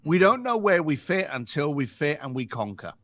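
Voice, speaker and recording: A man in his fifties with a London accent, a podcast guest telling animated stories and acting out the voices in them. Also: fairly high pitch, moderate pace, dry recording. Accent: London English. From England. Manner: lively, acts out voices in anecdotes. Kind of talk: animated storytelling.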